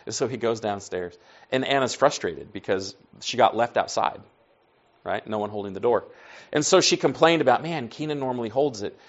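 A man's voice: lowish voice, animated, moderate pace. Conversational preacher, man, muffled recording. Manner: conversational, acts out dialogue, drops to soft asides. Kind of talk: storytelling sermon.

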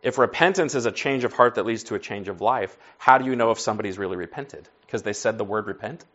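A man's voice: lowish voice, fast talker, a bit bright, lo-fi sound. A man preaching to a class in a conversational teaching style, folksy, asking the group questions and answering them himself. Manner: folksy, says y'all and like.

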